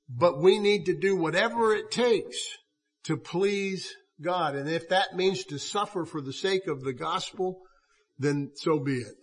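A man preaching a sermon in an earnest, halting way, often restarting his sentences. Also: a little high, breathy edge.

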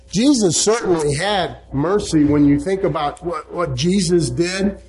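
A man preaching a sermon, speaking slowly and emphatically and citing scripture chapter and verse. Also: fairly high pitch, a little mellow, poor audio. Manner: slow, emphatic preaching, quoting scripture references.

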